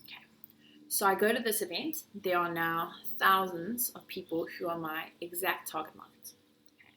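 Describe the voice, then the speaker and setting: A young woman who runs a marketing agency, giving a lively business presentation and acting out sales pitches. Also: normal speed, slight background noise.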